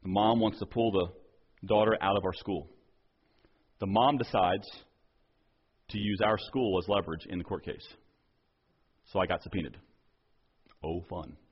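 A male pastor preaching a sermon earnestly, acting out quoted dialogue and dropping softer on key points. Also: on the low side, breathy edge, muffled recording.

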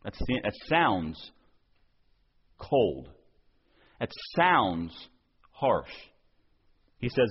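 A man's voice: fairly low pitch, big pitch swings, drawn-out words, long pauses, muffled recording, slight background noise. A man preaching a sermon as pastor, earnest, often repeating and restarting words as he presses his point.

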